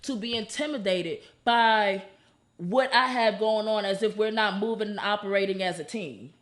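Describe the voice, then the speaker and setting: A woman guest on a podcast in casual chat, animated and opinionated, filling her talk with "you know". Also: mid-range voice, moderate pace, noisy background.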